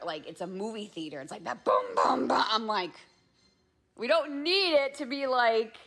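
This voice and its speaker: A woman's voice: lowish voice, fairly bright tone. A woman hosting a casual livestream from home, chatting with viewers, answering their comments and laughing often. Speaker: livestream host. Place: home with a loud TV nearby.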